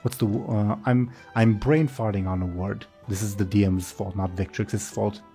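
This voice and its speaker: A man narrates a tabletop game as its game master, rambling and often correcting himself. His voice sits low with a dark, mellow tone, and faint music runs underneath. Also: fairly even intonation, normal speed. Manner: rambling, self-correcting, casual.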